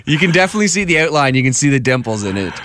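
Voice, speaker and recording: A man co-hosting a podcast, reacting with quick, laughing comments. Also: medium pitch, big pitch swings, a bit bright. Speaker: podcast co-host. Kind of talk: casual banter.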